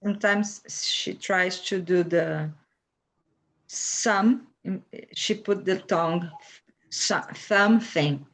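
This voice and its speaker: Halting Brazilian woman student. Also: fairly low pitch, a bit bright, rough recording. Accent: Brazilian Portuguese. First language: Brazilian Portuguese. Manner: halting, reporting on a classmate.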